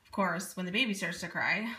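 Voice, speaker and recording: A woman in her thirties telling a personal story as a parent, in an earnest, animated way with many asides. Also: fairly low pitch, fairly quick. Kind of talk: casual first-person storytelling. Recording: echoey room.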